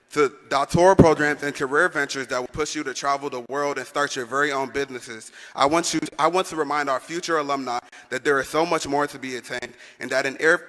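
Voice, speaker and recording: In a big arena whose long echo fills the recording, a young adult man who serves as senior class president delivers a rousing commencement speech. He has a mid-range, sharp-toned voice and calls on the crowd to respond.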